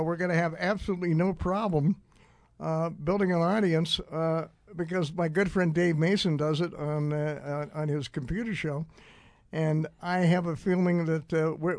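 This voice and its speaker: Radio host, male, slightly high voice, dry studio sound, talks in loose rambling asides. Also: dry recording. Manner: rambling, frequent uh fillers and restarts. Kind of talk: casual radio talk.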